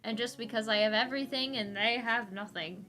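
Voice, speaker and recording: A woman's voice: on the high side, fairly quick, sharp tone, soft background music. A woman voicing a scheming, gloating male villain while reading a comic aloud. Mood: bitter. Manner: gloating, sneering delivery. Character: scheming villainous male robot-maker Scrooge. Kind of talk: comic read aloud with voices.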